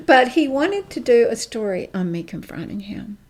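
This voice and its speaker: Middle-aged woman, fairly high voice, tells her story with lots of punch, acts out the dialogue. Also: normal speed, hardly any pauses. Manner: animated, emphatic storyteller who acts out dialogue. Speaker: guest. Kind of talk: personal storytelling interview.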